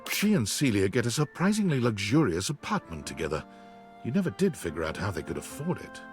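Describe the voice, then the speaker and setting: A man's voice: fairly low pitch, sing-song, a little fast, faint music behind. A man narrating a video game in a wry, storytelling manner. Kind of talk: scripted narration.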